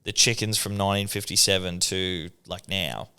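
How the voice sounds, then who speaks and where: A man's voice: deep voice, fairly even intonation, normal speed, sharp tone, smooth. A young Australian man, a podcast co-host, telling stories in laid-back casual chat full of swearing and slang.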